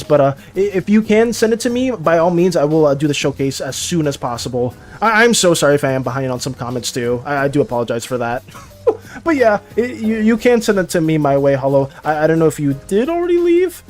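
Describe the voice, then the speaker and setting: A young man chatting casually on a livestream with a fairly high voice. He swings his pitch widely as he talks and laughs often. He gets worked up over his opinions, then turns apologetic. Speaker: art streamer. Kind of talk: casual livestream chat with viewers.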